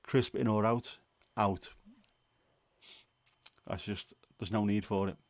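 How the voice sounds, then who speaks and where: A man's voice: fairly low pitch, fairly even intonation, slow, no echo. A man hosting a casual livestream chat, rambling and musing with plenty of fillers and restarts. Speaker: livestream host.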